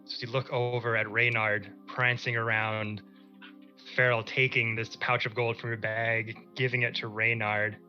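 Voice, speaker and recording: A man narrating a tabletop game as dungeon master, describing scenes in slow, descriptive narration. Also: mid-range voice, little pitch movement, muffled recording, soft background music.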